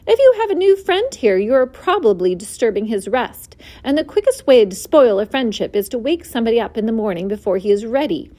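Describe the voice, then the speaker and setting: A woman's voice: fairly high pitch, very animated, a little fast, hardly any pauses, dark tone. A woman voicing a grumpy old sheep in a storybook reading, stern and scolding. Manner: stern, scolding, partly whispered.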